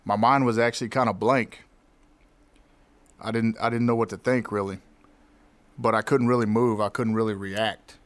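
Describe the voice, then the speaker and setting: Low-voiced man telling a personal story. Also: steady tone, a bit bright, no room sound. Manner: reflective, candid, halting restarts. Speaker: podcast host.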